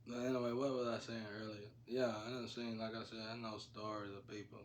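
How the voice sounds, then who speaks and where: Low-voiced man telling rambling stories. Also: little pitch movement, a little fast, a little hiss or hum. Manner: rambling, laughs often, slangy. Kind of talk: casual storytelling.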